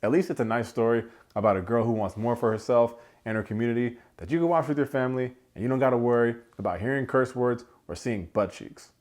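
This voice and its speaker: A man hosting a casual film review, animated, slangy and joking as he rants. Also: mid-range voice, fast talker, hardly any pauses. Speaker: movie reviewer, channel host.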